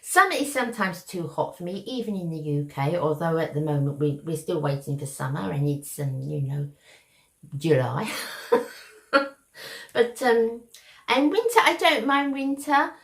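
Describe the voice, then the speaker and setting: An older woman with a Cockney accent from London's East End chats affectionately to her viewers in a beauty vlog, talking casually to camera. Her voice is lowish with lively intonation, at a normal speed, and sounds reverberant.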